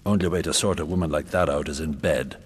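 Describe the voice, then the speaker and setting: A man's voice: extremely low pitch, fast talker, slightly rough. An actor playing a brutal, lecherous warrior king, talking in a crude, leering, menacing way. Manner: crude, leering, menacing first-person monologue. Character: brutal, lecherous, swaggering warrior king, middle-aged man.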